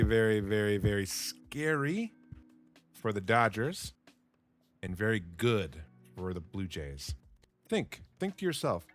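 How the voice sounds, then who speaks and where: A man giving a slow, simple English lesson as a voice-over on game footage, repeating words and reacting with excitement to the action. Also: on the low side. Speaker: English teacher.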